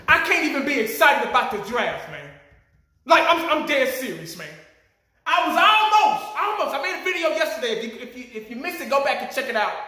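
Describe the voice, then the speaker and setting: A sports fan vlogger rants with plenty of profanity, his high man's voice bright and ringing. His pitch leaps up and down as he gets worked up. The recording sits in a very echoey room. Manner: animated, profane, ranting. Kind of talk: ranting fan commentary.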